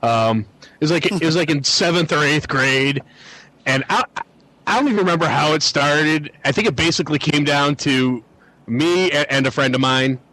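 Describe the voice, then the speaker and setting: A man's voice: on the high side, moderate pace, bright, forceful tone, no echo, poor audio. A man co-hosting a casual chat, telling a story in a hesitant, self-deprecating way with stammered restarts. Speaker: podcast co-host.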